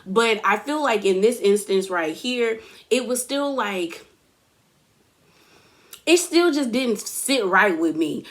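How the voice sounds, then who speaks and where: A woman's voice: medium pitch, expressive, slow. A woman hosting a casual reality TV recap, chatty and full of fillers, laughing as she tells it. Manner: chatty, filler-heavy, laughs while telling. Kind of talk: casual episode recap and commentary.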